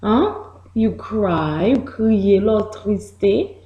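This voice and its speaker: Slow, patient Haitian woman teacher. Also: medium pitch, expressive, reverberant, dull audio. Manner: slow, patient, explains words twice in two languages. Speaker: teacher reading to children. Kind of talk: bilingual picture-book lesson for young children.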